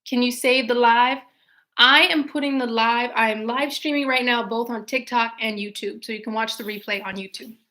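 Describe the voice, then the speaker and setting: A young woman chats to her live-stream viewers from home, her voice bright and crisp with a slightly high pitch. She tells her stories in a lively, animated way and answers questions as she goes. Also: moderate pace. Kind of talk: casual live-stream chat and storytelling.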